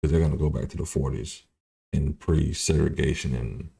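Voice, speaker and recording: A man's voice: rumbling low, steady tone, normal speed, gravelly, warm tone. A man in his thirties hosting a livestream, talking bluntly and profanely in rambling commentary. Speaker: livestream host.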